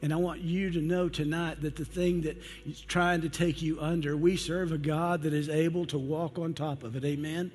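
A man preaching an evening sermon, emphatic, slowing down for dramatic quoted lines. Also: fairly high pitch, flat delivery, darkish tone, slightly rough. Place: church sanctuary. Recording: long hall reverb with faint music.

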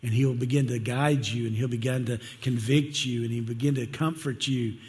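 A man's voice: mid-range voice, steady tone, normal speed, a little mellow. Man preaching in a reverberant church. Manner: conversational, earnest preaching with direct questions to the congregation. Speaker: pastor. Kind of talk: sermon. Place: church sanctuary. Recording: long church-hall reverb.

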